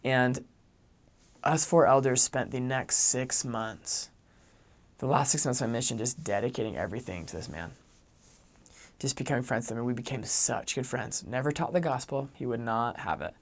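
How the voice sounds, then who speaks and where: A man's voice: mid-range voice, moderate pace. A young adult man, a returned missionary, telling a story in a casual, chatty way and saying "like" a lot. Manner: chatty, heavy use of "like", animated.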